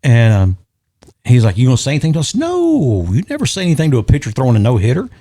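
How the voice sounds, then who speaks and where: A man's voice: medium pitch, rapid-fire. Middle-aged man spinning a story. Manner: animated, acts out quoted voices. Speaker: podcast guest or host. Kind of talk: casual storytelling chat.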